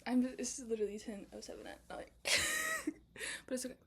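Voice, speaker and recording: Speaking rapid-fire in a husky, slightly high, steady voice, a young student pitches her film script idea during a casual late-night conversation. She mostly whispers, fills her speech with fillers, and now and then bursts out with loud asides.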